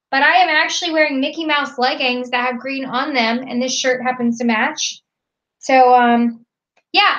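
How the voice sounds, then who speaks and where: A woman's voice: high-pitched, fairly bright tone. A woman co-hosting a casual live stream, reading viewer comments aloud in an upbeat way. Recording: dull lo-fi stream audio.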